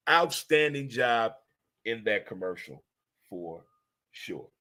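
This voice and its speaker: Animated bright-voiced man ranting. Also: medium pitch, measured pace. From St. Louis, USA. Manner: animated, swearing, preachy pep talk. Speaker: host. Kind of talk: casual monologue.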